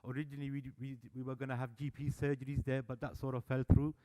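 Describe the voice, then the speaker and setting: Man, mid pitch, mellow tone; animated storytelling speech at a public meeting. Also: racing. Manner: animated storyteller, acts out dialogue. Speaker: service user speaker at annual meeting. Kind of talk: public speech telling stories. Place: meeting hall.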